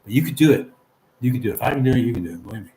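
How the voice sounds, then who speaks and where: A man's voice: mid-range voice, lively intonation, racing, warm tone, reverberant, a little hiss or hum. A man hosting a casual livestream, reading viewer comments aloud and chatting back in an encouraging, easygoing way.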